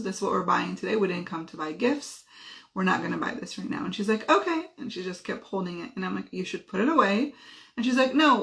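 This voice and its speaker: A woman in her thirties tells a personal story straight to the camera in an easygoing, lively way. Her voice has a gravelly, fried edge, and she jumps up high to act out other people's lines. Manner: animated, acts out quotes with shifting pitch. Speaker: host.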